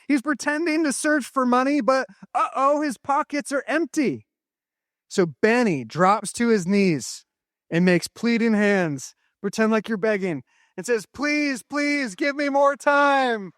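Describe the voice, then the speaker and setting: Upbeat man with a high voice, dry close sound, leading a school chapel story for children. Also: a bit bright, no echo. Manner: playful, upbeat, directing children. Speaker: chapel speaker for elementary students. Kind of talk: interactive Bible story with kids acting it out.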